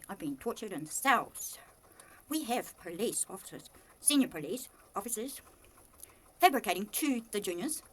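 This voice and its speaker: A woman with a New Zealand accent speaking in an impassioned, accusatory monologue to camera. She swings from low muttering to loud, heated outbursts. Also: a little hiss or hum. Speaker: vlogger.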